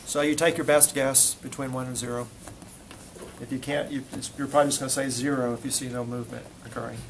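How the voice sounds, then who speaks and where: A man's voice: medium pitch, flat delivery, fast, noisy background. A male instructor teaching a classroom lesson, quizzing students as he demonstrates muscle testing on a volunteer. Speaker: physical therapy instructor.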